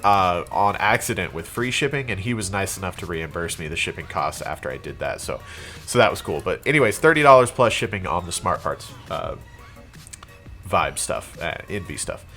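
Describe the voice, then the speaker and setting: A congested young man with a cold talks through his recent sales in a loose, rambling way. His voice sits fairly low, and he hops between items with fillers and restarts. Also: lively intonation, moderate pace, sharp tone, soft background music. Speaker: reseller vlogger. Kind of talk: casual show-and-tell vlog.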